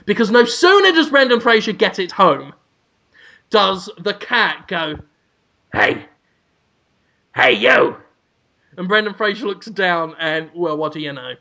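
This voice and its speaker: A man's voice: high voice, animated, moderate pace, sharp tone. A man co-hosting a podcast, rambling through a comic story with giggles and off-the-cuff asides. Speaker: podcast co-host.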